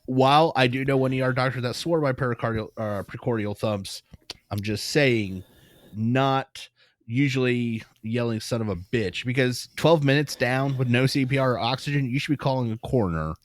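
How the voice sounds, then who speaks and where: A man co-hosting a podcast, reviewing a movie in casual chat, animated and laughing often, with casual swearing. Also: medium pitch, moderate pace, dry recording, studio quality. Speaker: podcast co-host.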